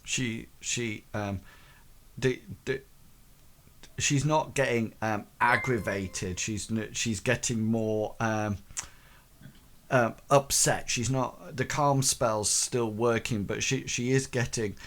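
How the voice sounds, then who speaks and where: A man narrating a tabletop game as game master, hesitant, with many pauses and restarts. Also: mid-range voice, fairly even intonation.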